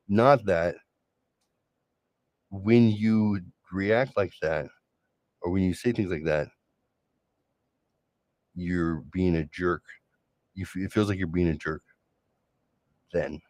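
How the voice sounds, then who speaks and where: A middle-aged man hosting a solo late-night show, talking through love and conflict in a sarcastic, reflective way with many halting restarts. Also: low voice, darkish tone, dry recording, studio quality. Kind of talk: late-night personal monologue.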